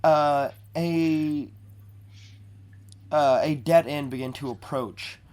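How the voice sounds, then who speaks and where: A woman with a deep, darkish voice runs a tabletop game as game master, speaking slowly. Her throat sounds scratchy, and she narrates hesitantly, with lots of fillers and restarts.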